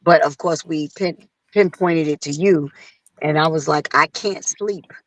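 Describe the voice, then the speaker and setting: A woman singer telling a story in casual conversation, acting out other people's lines in a higher voice. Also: a little slow, dry recording, low-quality recording. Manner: animated, acts out quotes in a higher voice. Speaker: guest singer.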